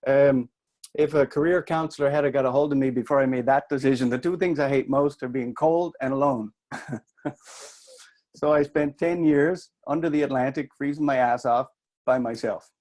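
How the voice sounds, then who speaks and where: Here the workshop speaker talks at a normal speed in a mid-range, slightly mellow voice. He's a middle-aged man from New Brunswick with a Canadian-Irish accent, chatting to his audience and poking fun at himself.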